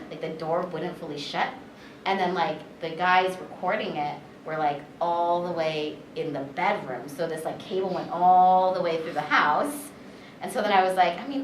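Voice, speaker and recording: A woman voice actress and director tells stories in a convention panel interview, her lowish voice chatty, full of fillers, and animated as she retells what happened. The echoey room and distant mic pick up slight background noise and chatter.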